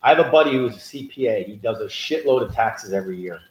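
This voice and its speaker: A man's voice: fairly low pitch, fast. A man co-hosting a podcast in casual political chat, telling stories and building into emphatic rants. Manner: animated storyteller, rising emphatic rants. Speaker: podcast co-host. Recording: roomy echo.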